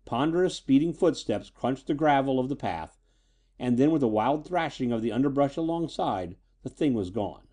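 A man narrating a scripted pulp story in an expressive, dramatic way. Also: medium pitch, moderate pace.

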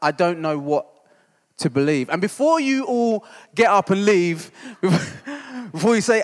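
High-voiced man preaching. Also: sing-song, slow, big-room sound. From East End of London. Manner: conversational, self-deprecating, keeps asking "right?". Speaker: church discipleship leader. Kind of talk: humorous storytelling sermon.

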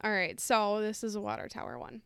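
Chatty woman with a clear voice. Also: medium pitch, fairly quick, a bit bright, no room sound, studio quality. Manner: chatty, laughs easily, self-correcting. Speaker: podcast co-host. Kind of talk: casual chat, reading stories aloud.

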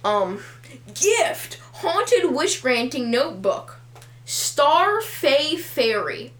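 A woman's voice: sits high, big pitch swings, fairly bright tone, reverberant. A young woman co-hosting a podcast in casual chat, giggly and jokey. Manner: giggly, jokey, drawn-out delivery. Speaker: podcast co-host.

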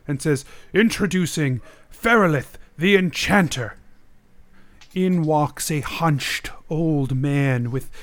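A man narrating a tabletop role-play game as game master in a casual way, with many fillers. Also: on the high side.

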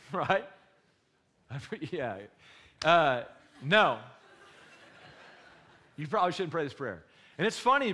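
Impassioned preacher man. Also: fairly high pitch. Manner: impassioned, swings between loud and hushed; rhetorical questions to the congregation. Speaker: pastor. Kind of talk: sermon.

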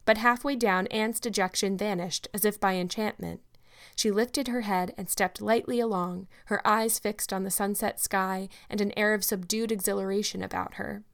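A woman reads a classic novel aloud in a steady, measured narration. Her pitch sits in the middle range for a woman. The delivery is even and unhurried. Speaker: audiobook narrator. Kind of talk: scripted narration.

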